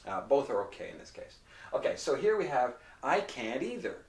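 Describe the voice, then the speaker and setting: A man teaching pronunciation. He explains patiently and repeats example phrases slowly and carefully. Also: mid-range voice, sing-song, a little mellow. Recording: roomy echo, mic at a distance.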